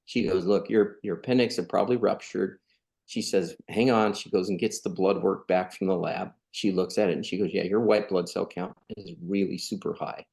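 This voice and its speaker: A man's voice: deep voice, steady tone, normal speed, vocal fry, a little mellow. A middle-aged man from California, a podcast guest telling a personal story in a casual, earnest way, acting out the dialogue. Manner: earnest, conversational, acts out quoted dialogue.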